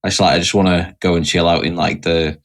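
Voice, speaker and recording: A man's voice: low voice, level tone, quick pace. A man in casual podcast chat, joking and laughing at his own jokes.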